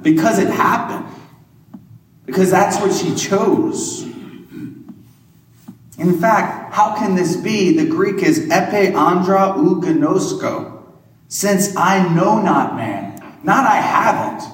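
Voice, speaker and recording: A Catholic priest giving a homily in a conversational preaching style, asking rhetorical questions. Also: male voice, sits high, slow, pauses often. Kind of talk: sermon. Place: large church. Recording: echoey church hall, mic far off.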